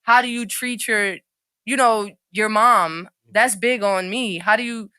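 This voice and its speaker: Woman podcast guest, bright voice, streetwise, rambling candid chat, dry close sound. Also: mid-range voice, unhurried, smooth, no room sound. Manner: street slang, loose and candid; rambling, restarts often. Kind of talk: casual panel chat.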